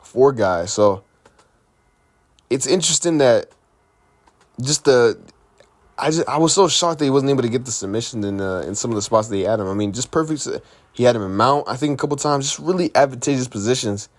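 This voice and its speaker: A man's voice: mid-range voice, brisk. A man giving casual reaction commentary on a fight, rambling and conversational, full of restarts and filler words. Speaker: MMA commentary host.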